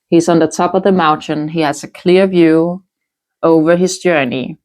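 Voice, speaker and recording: A woman talks through a tarot reading at an unhurried, drawn-out pace. Her voice sits a little low, and she muses aloud, humming softly and restarting her words as she goes. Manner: musing, thinks aloud with soft hums and restarts. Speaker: tarot reader. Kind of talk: casual spoken tarot reading.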